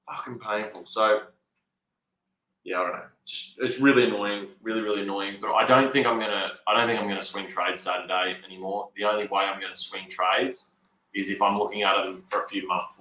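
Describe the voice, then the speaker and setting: A male trader talks through his charts in rambling, unscripted market commentary, swearing a lot and sounding frustrated. His voice is lowish with a sharp tone, and the poor-quality audio is reverberant.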